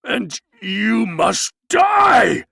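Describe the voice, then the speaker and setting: A man's voice: medium pitch, big pitch swings, unhurried, fairly bright tone, dry recording, studio quality. A man playing a grim would-be executioner. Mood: menacing. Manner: grim, choked, in an awful voice. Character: grim, half-mad man bent on execution.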